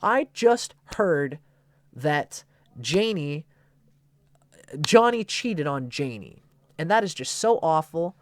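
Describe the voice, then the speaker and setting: A meddling housemate spreads outrage with a self-righteous, dramatic lilt, as a man puts the voice on. The voice pitches up into a shrill, theatrical register. The sound is dry and close. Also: very animated, takes it slowly, pauses often, no room sound. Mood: indignant. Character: meddling gossipy housemate, an adult of any sex.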